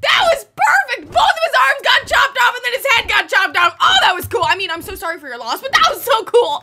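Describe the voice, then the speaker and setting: A woman doing let's play commentary as a gaming channel host, excitable, with shrieking reactions and jokey running gags. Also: very high voice, a little hiss or hum.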